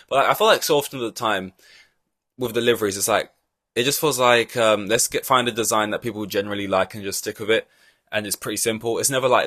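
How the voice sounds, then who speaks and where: A man's voice: fairly low pitch, fast talker, sharp tone, dry recording, clean studio sound. A man hosting a podcast, giving blunt, profane opinions in a rambling, casual way. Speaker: podcast host. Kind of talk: casual ranting podcast chat.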